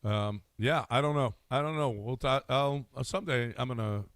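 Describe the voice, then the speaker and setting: A man with a middle-pitched voice co-hosting sports talk radio. He talks haltingly, restarting his sentences, and eggs his co-hosts on. The mic sound is close and dry. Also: fairly bright tone, no echo. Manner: halting, hesitant, stirring the pot. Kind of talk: casual sports talk banter. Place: radio studio.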